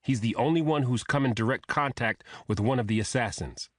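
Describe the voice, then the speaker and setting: A man's voice: medium pitch, a little fast, no echo, clean studio sound, natural voice. A man voicing a firm woman detective chief. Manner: firm, commanding. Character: commanding female chief of detectives.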